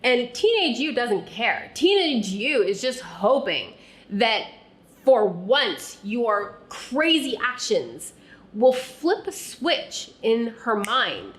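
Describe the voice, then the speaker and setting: A woman speaking to the listener as "you" about her own past. She talks earnestly and softly and often drops to a quiet tone. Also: a little high, very animated. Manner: earnest, soft and unhurried, often dropping quiet. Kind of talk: reflective second-person personal narration.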